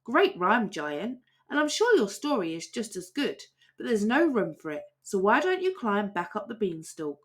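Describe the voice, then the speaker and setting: Cheeky storybook boy, quick and excited, sing-song delivery; woman reader voicing him. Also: mid-range voice, breathy edge. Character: cheeky boastful boy Jack.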